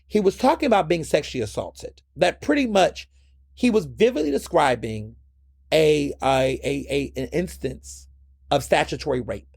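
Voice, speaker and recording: A man's voice: on the high side, very animated, normal speed, gravelly, a little mellow, slightly rough, no room sound, studio quality. A man hosting his own podcast, giving blunt, impassioned solo commentary and repeating words when worked up. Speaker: podcast host.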